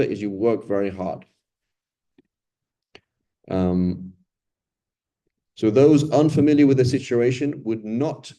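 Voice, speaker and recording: A man's voice: on the low side, dark tone. A man giving a casual, conversational Quran lesson, often checking in with "right?" and briefly acting out the people he describes. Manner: acts out quoted complainers and beggars. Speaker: Quran teacher.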